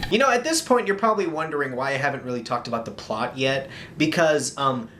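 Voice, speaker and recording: A man's voice: medium pitch, animated, fairly quick, heavy background noise. A man narrating a comedic movie review in an exasperated, sarcastic tone.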